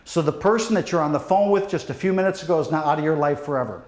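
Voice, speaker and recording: A man's voice: fairly high pitch, fast. A middle-aged man, a police deputy chief, giving a safety talk to students, telling dramatic stories straight to the audience. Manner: pleading, drops to near hush at the end. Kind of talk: motivational presentation to students. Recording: echoey hall.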